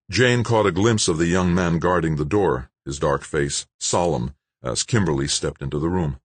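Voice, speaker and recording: A man narrating a thriller audiobook in a steady, measured voice. His tone sits very low with a husky grain. The recording is dry, with no room sound. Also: no echo.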